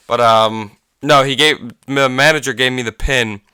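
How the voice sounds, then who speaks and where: A man's voice: medium pitch, fairly even intonation, measured pace, pushed and bright, smooth, no echo, studio quality. A man chatting casually on his own podcast, rambling through stories with lots of swearing and filler words. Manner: rambling, swears a lot, frequent fillers and laughs. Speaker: podcast host. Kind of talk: casual solo podcast chat.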